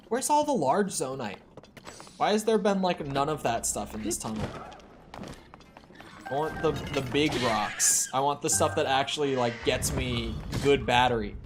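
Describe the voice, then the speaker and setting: A man's voice: medium pitch, lively intonation, normal speed, music in the background. A man streaming a video game, chatting casually, swearing and breaking into indignant exclamations. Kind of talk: casual live-stream chat while gaming.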